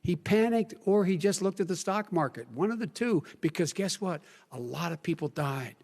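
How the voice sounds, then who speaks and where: An older man speaking earnestly in a televised debate, often repeating phrases and dropping to low, emphatic tones. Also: animated, moderate pace, creaky, a little mellow. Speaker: presidential candidate. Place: large debate hall. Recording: long hall reverb.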